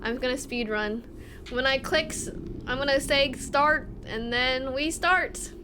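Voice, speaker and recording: Very high-voiced chatty woman streamer. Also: a little slow, background noise. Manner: chatty, talks straight to her chat. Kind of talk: casual live-stream chat. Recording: music playing clearly behind her.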